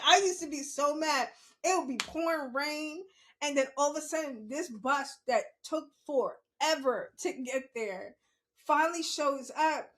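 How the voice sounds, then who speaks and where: High-voiced New woman telling stories. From New York City. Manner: animated, laughs often, acts out quoted lines. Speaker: podcast host. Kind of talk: casual storytelling monologue.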